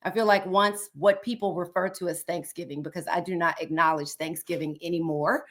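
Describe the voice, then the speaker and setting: A woman's voice: fairly low pitch, steady tone, fairly quick, a bit bright. A middle-aged woman from the United States co-hosting a podcast in playful, bantering casual chat, laughing often. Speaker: podcast co-host.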